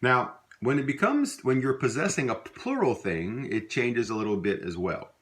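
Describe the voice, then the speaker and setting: A man's voice: medium pitch, animated, normal speed, fairly bright tone. A man giving a recorded language lesson, patiently repeating example words with many fillers. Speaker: language teacher.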